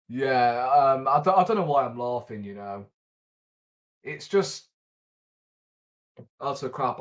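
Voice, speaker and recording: A man's voice: mid-range voice, a bit bright. A man ranting on a live stream as a football fan host, exasperated and incredulous, firing rhetorical questions at the camera. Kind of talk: live-stream match reaction rant. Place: at home in front of a camera.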